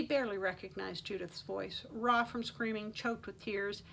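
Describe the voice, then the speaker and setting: Bright, dramatic woman reading fantasy aloud. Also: mid-range voice, moderate pace, gravelly, poor audio. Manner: dramatic, expressive narration. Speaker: author reading her own novel. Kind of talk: audiobook-style fantasy reading.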